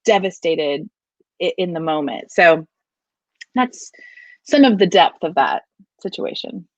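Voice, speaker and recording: A woman's voice: fairly low pitch, expressive, measured pace, dry recording. A middle-aged woman and mother, a guest on an interview show, telling a personal story in a candid, earnest way and laughing now and then. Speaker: podcast guest, leadership coach.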